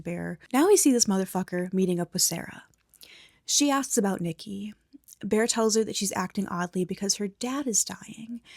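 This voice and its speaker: A woman recapping a movie in a soft whisper, blunt and opinionated, with some swearing. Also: mid-range voice, creaky, dry recording, studio quality. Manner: soft unvoiced whisper mixed with quiet speech.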